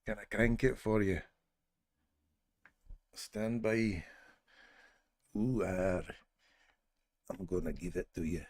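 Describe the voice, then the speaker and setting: A man voicing a jovial Scottish ship engineer in a low, playful, put-on Scottish accent. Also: takes it slowly, long pauses, darkish tone, dry recording, studio quality.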